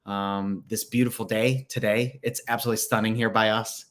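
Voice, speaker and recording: A man's voice: fairly low pitch, flat delivery, fairly quick. A man hosting a spiritual direction livestream in casual chat, reading viewer comments aloud with many fillers and upbeat encouragement.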